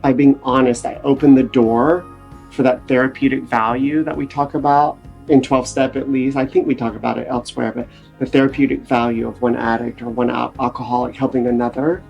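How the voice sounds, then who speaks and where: A man with a gravelly, slightly rough voice tells his recovery story in an earnest, animated way, sitting as a podcast guest. His tone is conversational, with faint music behind him. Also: medium pitch, brisk, muffled recording. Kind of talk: casual podcast interview.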